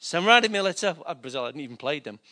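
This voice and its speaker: A man's voice: on the high side, sing-song, very fast, sharp tone. A middle-aged man preaching a sermon, telling a personal story in a chatty, self-mocking way. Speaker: pastor.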